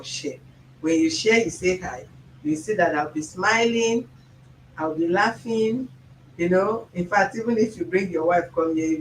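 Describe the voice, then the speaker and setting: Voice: medium pitch, echoey room, distant mic, slight background noise, low-quality recording. A show host with a Nigerian accent, chatting jokily and animatedly with viewers and slipping into pidgin. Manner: jokey, animated, mixing in pidgin. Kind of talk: casual chat to viewers.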